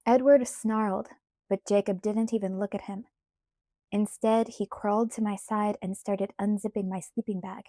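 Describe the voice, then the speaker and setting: A woman narrating a novel aloud in an unhurried, even storytelling manner. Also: mid-range voice, no room sound, clean studio sound. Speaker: audiobook narrator.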